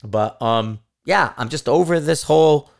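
A man's voice: fairly high pitch, expressive, measured pace, creaky. A middle-aged man hosting a podcast, ranting in a casual, rambling way and swearing often out of frustration. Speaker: podcast host. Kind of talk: casual solo rant.

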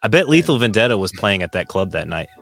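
A man's voice: lowish voice, sing-song, quick pace, a bit bright, soft background music. Dry-joking podcast co-host man. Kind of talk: casual live podcast chat.

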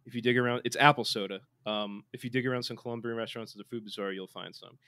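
A man's voice: medium pitch, steady tone, fast, pushed and bright, clean tone. A man co-hosting a podcast in casual chat, joking and playful, reading listener messages aloud. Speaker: podcast co-host.

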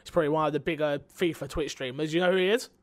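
This man has a British accent and talks fast and animated, winding himself up as he tells a story. His voice sits high for a man. He is recorded close and dry, with no room sound. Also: dry recording. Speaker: podcast co-host. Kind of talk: casual chat.

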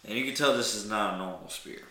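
A man narrating as game master of a tabletop game, describing scenes in a relaxed, loose way that often breaks into laughter. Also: lowish voice, quick pace, echoey room.

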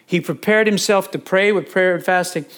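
A pastor giving a sermon, teaching from scripture in a conversational way, with asides and questions put to the congregation. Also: male voice, high-pitched, moderate pace, fairly bright tone. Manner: conversational, with asides and self-corrections.

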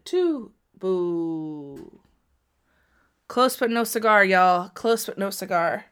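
This woman has a mid-range, clear, resonant voice and speaks very slowly with frequent pauses. Streaming a wrestling watch-along, she offers casual live commentary for her viewers, talking straight to them, gasping and crying out excitedly at the action.

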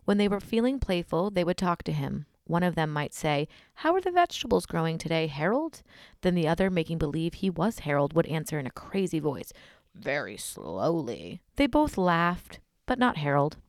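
A woman's voice: on the low side, lively intonation, brisk, hardly any pauses, no room sound, clean studio sound. A woman podcast host reading a scary story aloud in a casual, blunt way. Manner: casual and blunt, swears in asides.

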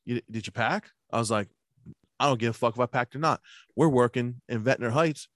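A man's voice: medium pitch, a little fast, no room sound. Man, casual podcast chat, swears constantly, rambles through stories, dry sound. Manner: profane, rambling, laughs through his stories; acts out both sides of remembered conversations.

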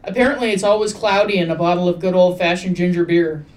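A woman's voice: lowish voice, fairly even intonation, quick pace, a little mellow. Wry, rambling woman with a Midwestern lilt. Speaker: podcast host. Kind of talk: casual chat.

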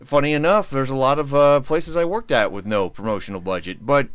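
A man's voice: medium pitch, fairly quick, clean tone, dry recording. A man hosting his own podcast in casual chat, rambling and joking as he restarts his sentences. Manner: rambling, self-interrupting, joking. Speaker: podcast host.

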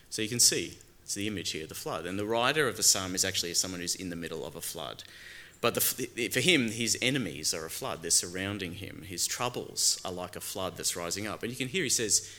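Brief: middle-aged man, pastor, informal sermon with rhetorical questions; deep pitch, forceful bright tone. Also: lively intonation, brisk. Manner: conversational preaching with rhetorical questions and fillers.

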